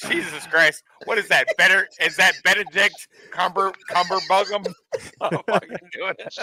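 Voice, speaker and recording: A man on a movie panel chatting casually, halting and stammering as he tells things. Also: high voice, steady tone, bright, forceful tone, slight background noise. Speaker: podcast panelist. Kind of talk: casual watch-along chat.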